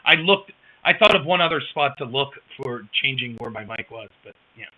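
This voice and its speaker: Expressive and brisk, with a medium pitch, a man streams live in a casual way from his rural home. He reacts to chat on a wireless headset while rambling wryly, and the headset mic yields dull, lo-fi sound.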